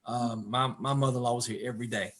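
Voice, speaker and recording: Halting, earnest man in conversation. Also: mid-range voice, fairly even intonation, a bit bright. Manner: halting, repeats words while searching for thoughts. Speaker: football coach, interview guest. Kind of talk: candid conversation about marriage.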